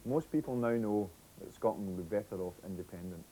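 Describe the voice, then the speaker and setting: A man's voice: fairly low pitch, brisk, dark tone, a little hiss or hum, low-quality recording. A man reading a scripted voice-over in an earnest, persuasive way. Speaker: voice-over announcer. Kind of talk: scripted narration.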